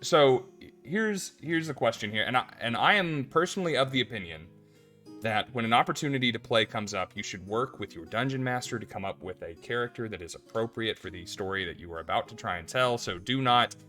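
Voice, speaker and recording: A man's voice: medium pitch, lively intonation, fairly quick, bright, forceful tone, faint music behind. A man hosting a casual podcast chat, thinking aloud and poking fun at himself. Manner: conversational, thinking aloud, self-deprecating. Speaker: podcast host.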